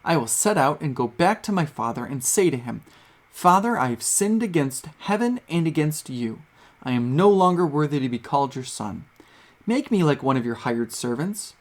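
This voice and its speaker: A man's voice: fairly high pitch, expressive, moderate pace. A man reading as a starving repentant son. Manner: earnest read-aloud delivery.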